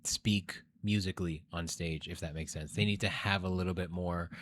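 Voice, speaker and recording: A man co-hosting a podcast, teasing the others with quick wisecracks. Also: sits low, steady tone, a bit bright. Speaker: podcast co-host. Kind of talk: casual podcast chat.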